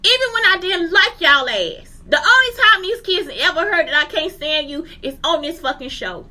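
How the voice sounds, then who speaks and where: This teacher in her forties speaks in a very high, bright, forceful voice at a normal speed, animated throughout. She's ranting angrily and profanely to camera, repeatedly asking her viewers whether they understand.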